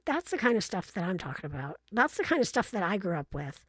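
A woman's voice: medium pitch, big pitch swings, quick pace, a bit bright, dry recording. A middle-aged woman hosting, telling stories in a frank, chatty and playfully blunt way, acting out other people's voices in her anecdotes. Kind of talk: casual storytelling monologue.

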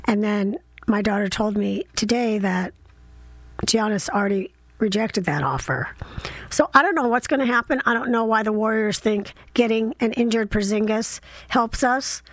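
A woman's voice: a little high, moderate pace, dry recording. Chatty middle-aged woman, dry close sound. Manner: chatty, rambling with fillers and asides. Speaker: podcast host. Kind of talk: casual solo chat.

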